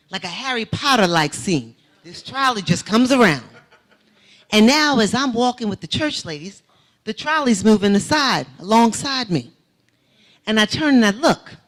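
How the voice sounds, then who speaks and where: A woman giving a testimony sermon in a church, telling a vivid story that swells into emphatic preaching. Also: on the high side. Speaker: guest speaker. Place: church sanctuary.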